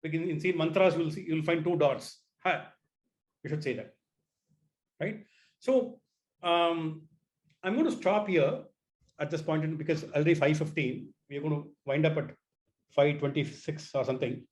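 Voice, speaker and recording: A man teaches an online class, his voice sitting a little high. He restarts phrases often and coaxes his students to repeat the sounds after him. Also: moderate pace, long pauses, darkish tone. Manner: repeats words, asks students to try sounds.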